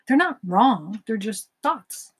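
A woman with a slightly high, breathy-edged voice takes her time as she hosts a self-help podcast. Her motivational talk includes imagined conversations that she acts out in animated voices.

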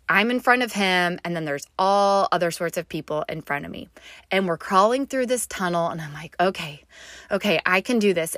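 A woman's voice: medium pitch, a bit bright, no room sound, clean studio sound. A woman in her thirties telling a personal story in a chatty, emphatic way, often checking in with "okay?". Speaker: vlogger sharing personal tips.

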